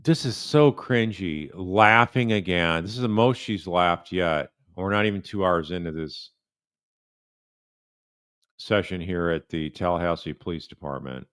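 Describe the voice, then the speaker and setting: A man's voice: deep voice, measured pace, fairly bright tone, clear, resonant tone. A man, an attorney, giving sarcastic commentary on a video with incredulous asides.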